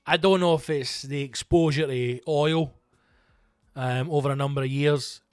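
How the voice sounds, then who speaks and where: A man, a comedian hosting his own show, telling a story in a profane, animated, self-mocking way and acting out the quotes. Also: a little high, unhurried, clean tone, no echo, clean studio sound. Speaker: comedian host. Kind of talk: comic storytelling monologue.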